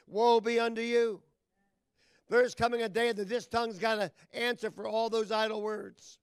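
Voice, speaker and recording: A man preaching a sermon as pastor, talking folksy and plain with loud emphatic bursts. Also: high voice, clean tone, dry recording.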